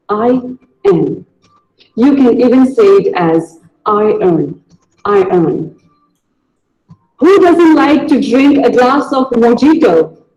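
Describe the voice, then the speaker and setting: Slow, high-voiced man drilling pronunciation. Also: mellow, reverberant, highs cut off. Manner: deliberate, repeats each word slowly as a drill. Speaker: pronunciation teacher. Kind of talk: video lesson.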